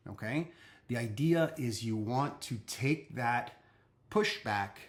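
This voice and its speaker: A man speaking to parents in a casual advice talk, conversational, often checking in with "okay?" and restarting his sentences. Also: medium pitch.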